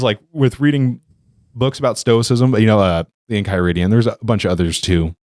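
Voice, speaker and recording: A man's voice: mid-range voice, fast talker, no room sound, studio quality. A man talking in a casual podcast discussion, rambling and correcting himself as he tells stories. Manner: rambling, self-correcting, animated storytelling.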